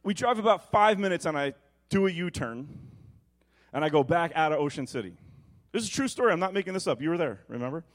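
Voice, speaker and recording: A man in his thirties preaching, his voice dropping low and soft for reflection, then rising loud and high as he tells a family story. He is an animated storyteller with a lively pitch. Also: fast talker. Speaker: pastor. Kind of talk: sermon with personal story.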